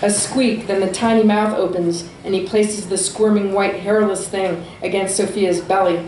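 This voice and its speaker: A woman reading her own fiction aloud at a small venue, with steady, expressive storytelling. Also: mid-range voice, moderate pace, echoey room, slight background noise, poor audio. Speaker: author.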